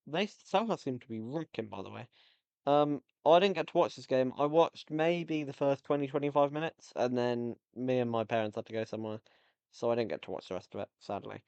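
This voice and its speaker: A man's voice: medium pitch, darkish tone, smooth, no echo. A man hosting a casual football podcast, rambling and joking, easily sidetracked into tangents. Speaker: podcast host. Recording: slightly dull lo-fi audio.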